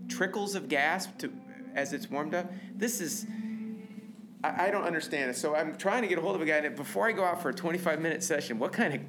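A man hosting a casual chat, talking in a chatty, animated way. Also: a little high. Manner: chatty, animated when puzzled. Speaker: host. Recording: noisy recording.

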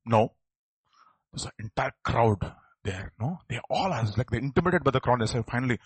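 Animated male preacher, husky voice. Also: medium pitch, fairly quick, dry recording. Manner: acts out quoted voices and builds to emphatic outbursts. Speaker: pastor. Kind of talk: sermon.

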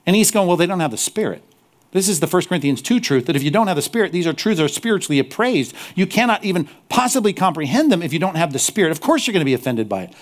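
A male pastor preaching a sermon, animated, slipping into mocking apologetic asides. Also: sits high, very fast, hardly any pauses.

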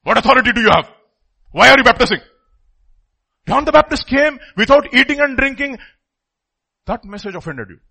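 A pastor preaching a sermon emphatically, his voice swinging from loud outbursts to hushed asides. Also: very high-pitched, expressive, brisk, creaky, long pauses.

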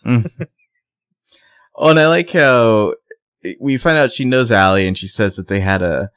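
A man's voice: medium pitch, a little slow, fairly bright tone, smooth, no room sound. A man co-hosting a podcast, casually recapping a TV episode in a rambling, chatty way and laughing often. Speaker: podcast co-host.

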